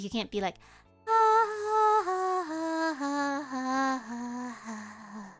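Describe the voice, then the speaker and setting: A woman's voice: mid-range voice, fairly bright tone. A woman streamer chatting casually with her viewers in a nasal voice, explaining things as she goes. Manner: chatty, explains with vocal demos.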